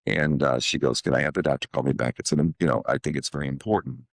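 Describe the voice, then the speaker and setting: A man in his seventies with an extremely deep, gravelly voice tells rambling stories as an interview guest. He keeps restarting his sentences and acts out the dialogue he quotes. The sound is close and dry. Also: fast talker, no room sound. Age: 70s. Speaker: guest, author and motivational speaker. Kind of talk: casual storytelling interview.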